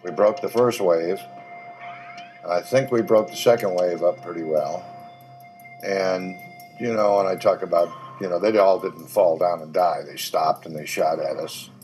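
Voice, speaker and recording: An older veteran recounts combat in a deep, low voice, halting on fillers and plainspoken. Dry humor slips through now and then. Soft music plays faintly behind him. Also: male voice, poor audio. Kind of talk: interview recollection.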